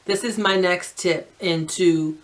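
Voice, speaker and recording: With a fairly low pitch, fairly even intonation, and a slow pace, a New Jersey woman with a New Jersey accent gives emphatic, direct life advice to camera. The advice vlogger is naturally loud and often asks "right?".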